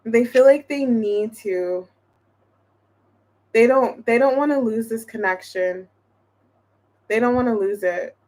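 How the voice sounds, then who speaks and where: A woman's voice: on the high side, slow pace, long pauses, a little mellow. A woman giving a casual tarot reading to her viewers, thinking aloud in a chatty way with lots of restarts. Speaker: tarot reader.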